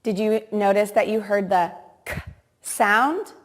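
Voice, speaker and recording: A woman teacher giving a reading lesson to young children, pronouncing each word slowly and clearly and prompting them to repeat. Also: medium pitch. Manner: slow, exaggerated word-by-word enunciation with repeat-after-me prompts.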